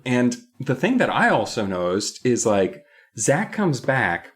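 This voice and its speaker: A man's voice: mid-range voice, big pitch swings, measured pace. A man co-hosting a podcast, recapping a book episode in a playful, rambling way. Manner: playful, rambling, often laughing. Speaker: podcast co-host.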